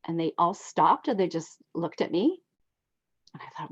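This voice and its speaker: A woman in her sixties telling heartfelt personal stories as a guest, reflective and expressive, on a dull lo-fi recording. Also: moderate pace, breathy edge. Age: 60s. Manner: heartfelt, reflective, lively swings in pitch. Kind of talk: personal storytelling.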